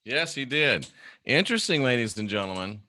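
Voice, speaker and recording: Man, livestream host, bright forceful voice, dry close sound, muses and reads chat comments aloud. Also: medium pitch, sing-song, moderate pace, dry recording.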